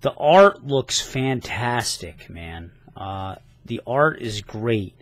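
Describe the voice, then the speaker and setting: A man's voice: medium pitch, animated, slow, no room sound. A man talking casually in a rambling, enthusiastic comic book review vlog, now and then swearing.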